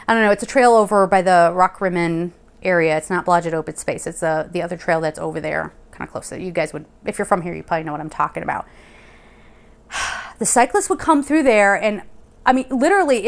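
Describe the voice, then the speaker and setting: A young adult woman vlogging, telling a rambling personal story in a chatty, animated way and laughing now and then. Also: medium pitch. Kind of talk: casual storytelling. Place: Colorado Springs.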